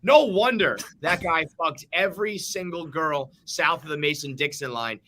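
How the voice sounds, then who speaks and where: Bright-voiced joking male podcast host. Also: a little high, normal speed, a little hiss or hum. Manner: animated, joking, heavy swearing. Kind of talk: casual sports podcast banter.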